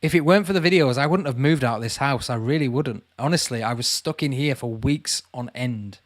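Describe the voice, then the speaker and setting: A channel host with a mid-range voice talks a little fast on a dry recording. On his casual livestream he reads out viewers' comments and chats back, chatty and calling them "mate."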